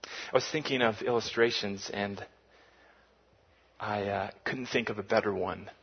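A man preaching a sermon, swinging between hushed lines and loud, emphatic peaks. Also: on the low side, fairly even intonation, unhurried, breathy edge, dull audio. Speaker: pastor.

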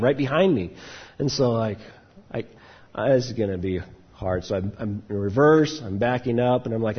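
A man in the role of pastor, telling a personal story in a sermon and acting out the quotes with animated outbursts. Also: mid-range voice, husky, lo-fi sound.

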